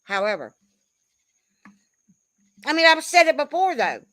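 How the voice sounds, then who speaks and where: A woman's voice: sits high, very animated, a little slow, a bit bright, dry recording. A woman in her fifties giving a blunt, profane, rambling commentary rant, often calling people "bro.". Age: 50s. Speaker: commentary creator.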